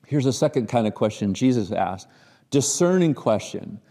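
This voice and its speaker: A man's voice: medium pitch, very animated, takes it slowly, a little mellow, big-room sound. A middle-aged man with a Midwestern American accent teaching a church class, talking conversationally, posing rhetorical questions and often restarting his sentences.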